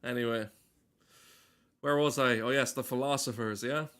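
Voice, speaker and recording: A man's voice: mid-range voice, steady tone, moderate pace, fairly bright tone, clean tone. Sarcastic, foul-mouthed streamer man. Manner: profane, sarcastic, joking asides. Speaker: gaming streamer. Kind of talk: casual live-stream commentary.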